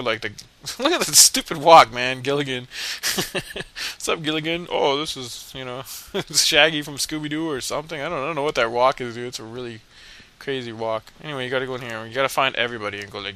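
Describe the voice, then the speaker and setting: A man's voice: mid-range voice, brisk, sharp tone. A man casually commentating a video game playthrough, rambling and mumbling with lots of fillers and irreverent jokes. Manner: joking, irreverent. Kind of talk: casual let's play commentary.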